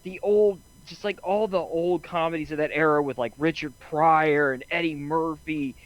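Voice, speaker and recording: A man's voice: on the high side, fairly even intonation, normal speed, rough recording. A man co-hosting a casual chat, easygoing and enthusiastic as he muses. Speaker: podcast co-host.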